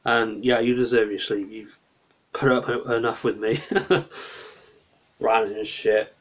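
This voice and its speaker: A man's voice: on the low side, steady tone, a little slow. A tired man rambles through a late-night livestream from his small bedroom. He drifts from topic to topic and stops to answer his chat.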